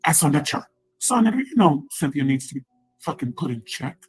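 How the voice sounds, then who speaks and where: A woman's voice: low voice, sing-song, brisk, darkish tone, rough recording. A woman in a profane, rambling angry rant, taunting and repeating herself.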